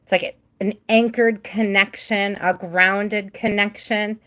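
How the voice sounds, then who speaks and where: Woman doing a live tarot reading, casual and giggly, lots of "like" and trailing off, mid pitch. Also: fairly even intonation, takes it slowly, fairly bright tone. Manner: chatty and giggly, often trailing off with "like". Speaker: tarot reader hosting a live stream.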